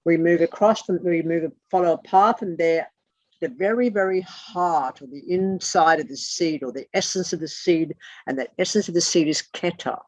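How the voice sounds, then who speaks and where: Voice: mid-range voice, moderate pace, dry recording. A teacher leading an online class over a video call, bluntly spelling out terms letter by letter, with the odd swear word.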